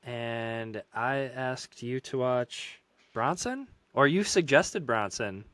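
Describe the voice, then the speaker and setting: A man's voice: mid-range voice, lively intonation, slow pace, fairly bright tone, dry recording. A man co-hosting a podcast in casual chat, easygoing and self-deprecating, laughing often. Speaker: podcast co-host.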